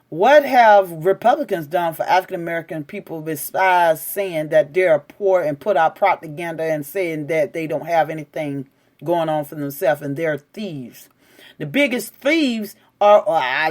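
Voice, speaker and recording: A woman doing live-stream commentary, reacting to the news and arguing back at her viewers' comments in an indignant, lecturing way. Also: mid-range voice.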